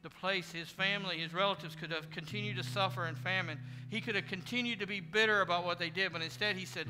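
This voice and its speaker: A man's voice: high voice, fairly even intonation, fast, hardly any pauses. A man preaching a sermon as pastor, earnest, acting out imagined prayers and conversations. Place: church sanctuary. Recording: church hall reverb with music behind.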